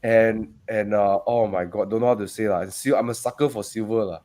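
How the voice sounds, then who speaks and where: A man's voice: lowish voice, fairly quick. A man with a Malaysian English accent, chatting casually on a panel and telling stories with lots of laughter. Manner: animated storyteller, laughs often. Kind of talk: casual chat.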